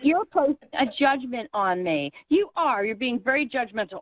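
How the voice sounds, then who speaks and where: A woman's voice: high voice, animated, normal speed, hardly any pauses. A woman calling in to a radio show, talking in an indignant, defensive, complaining way. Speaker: caller. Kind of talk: phone-in radio chat. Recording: dull lo-fi phone line.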